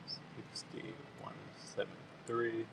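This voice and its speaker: A man's voice: extremely slow, very noisy. A young man casually hosting a live coin auction stream, describing each piece and thanking bidders by name.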